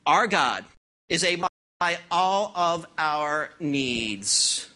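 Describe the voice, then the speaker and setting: A middle-aged pastor with a bright, ringing voice delivers a sermon from the pulpit. The preaching is animated and full of rhetorical questions. Loud declarations give way to hushed asides. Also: medium pitch, slow pace.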